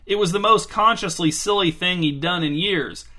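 A man's voice: sits high, normal speed, bright, forceful tone. A man reading a story aloud in a dry, wry narration. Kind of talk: scripted narration.

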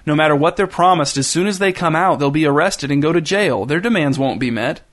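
A man doing a calm reasoning professor. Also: on the high side, fairly quick, natural voice. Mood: persuading. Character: middle-aged male professor, calm and reasoning.

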